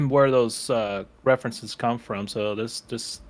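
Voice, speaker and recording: A man co-hosting a casual podcast review, measured and explaining his research. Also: mid-range voice, soft background music. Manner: measured, backs points with research. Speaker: podcast co-host.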